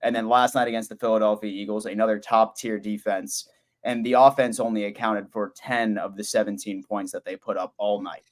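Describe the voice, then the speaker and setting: A sports roundtable panelist with a lowish voice, laying out his opinion deliberately and padding it with "um" and "I mean". Casual debate talk. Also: fairly even intonation. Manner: opinionated, deliberate, filler-heavy.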